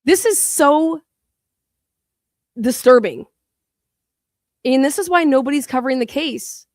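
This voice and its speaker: A woman's voice: high voice, measured pace, no echo, clean studio sound. A woman co-hosting a commentary show, talking bluntly and with open scorn. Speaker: co-host. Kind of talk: profane commentary.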